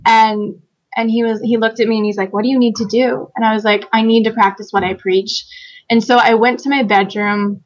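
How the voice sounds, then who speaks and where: A woman guest telling a personal story in a conversational interview, animated, laughing often and acting out quoted lines. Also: on the high side, brisk, highs cut off. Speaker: guest author.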